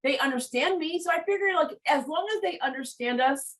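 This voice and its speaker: A woman's voice: high-pitched, fairly quick, poor audio. American lady hosting a chat, super eager, lots of "like" and "i mean". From United States, Haitian American. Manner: enthusiastic, gushing, says "like" and "I mean" often. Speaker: podcast host. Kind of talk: casual interview chat.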